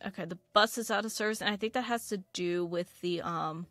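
A woman's voice: mid-range voice, a little fast, a bit bright, dry recording, soft background music. A woman giving casual, rambling let's-play commentary while playing a video game, full of fillers and restarts. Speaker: gaming video creator.

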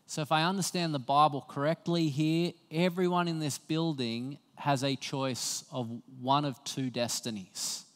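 A man's voice: on the high side, steady tone, measured pace, hardly any pauses, long reverb tail. A man preaching a sermon as pastor, talking to the congregation in a conversational way and weaving in personal stories. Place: church.

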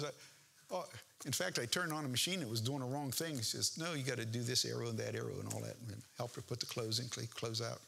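Bright, husky older male pastor. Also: medium pitch, steady tone, fast talker. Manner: homespun, joking asides between verses. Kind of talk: folksy sermon with scripture reading.

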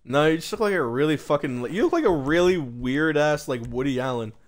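Man, game streamer, a bit high-pitched, crude, swearing, mocking banter. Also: big pitch swings, a little fast. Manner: crude, profane teasing of a friend. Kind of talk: live gaming stream commentary.

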